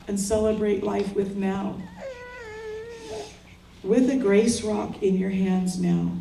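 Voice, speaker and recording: At a memorial gathering, a grieving older mother speaks slowly in short, solemn phrases, her words earnest and prayerful. Her medium-pitched voice has fairly even intonation and vocal fry, she pauses often, and the distant, roomy recording catches crowd noise.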